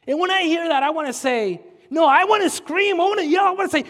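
A man preaching a sermon as pastor, animated, with sudden shouts and mocking put-on voices. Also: very high-pitched, fast talker, long reverb tail.

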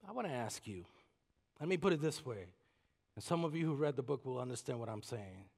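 A man preaching a sermon as a guest pastor, swinging from shouted emphasis to hushed, near-whispered passages. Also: mid-range voice, lively intonation, fairly quick, gravelly. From Puerto Rico. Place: church sanctuary. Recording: long reverb of a large church hall.

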